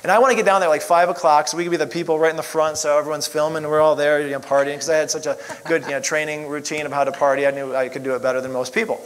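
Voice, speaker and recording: A man's voice: a little high, fairly even intonation, racing, few pauses, fairly bright tone, poor audio. A middle-aged man telling his story in a casual, rambling way, full of fillers. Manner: rambling, lots of "you know" fillers. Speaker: chiropractor sharing testimony. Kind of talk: casual personal testimony.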